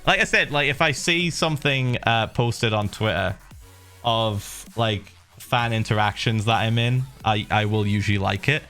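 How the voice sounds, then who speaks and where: A middle-aged man streaming, casually telling viewers a story with lively laughs and the odd swear. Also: on the low side, moderate pace, faint music behind.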